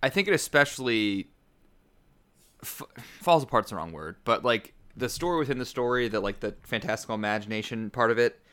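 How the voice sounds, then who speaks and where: A man gives a considered, hedging take on a film, qualifying his points as he goes. His voice is bright and crisp. His pitch is middling. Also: lively intonation, a little fast. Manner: thoughtful, hedging, many "like" fillers. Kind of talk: casual film discussion.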